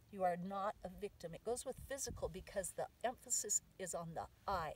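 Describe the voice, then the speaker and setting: A woman teaching a family practice in a casual way, saying the affirmations out loud with emphasis while outdoors on a sand dune. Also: medium pitch, normal speed, hardly any pauses, far from the mic, rough recording. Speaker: mother teaching the medicine wheel.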